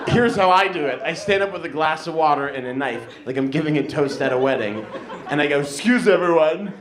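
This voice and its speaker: Young man, stand-up comic, dry conversational storytelling, slightly high pitch, roomy echo. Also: quick pace. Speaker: stand-up comedian. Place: live comedy stage. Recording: echoey room with background noise.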